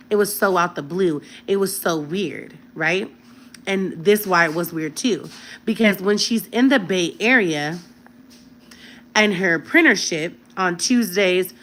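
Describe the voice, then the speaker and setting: A young woman telling a personal story straight to her phone camera in a casual, chatty way, often checking in with the viewer. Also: fairly low pitch. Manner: chatty, animated, keeps checking in with "right?".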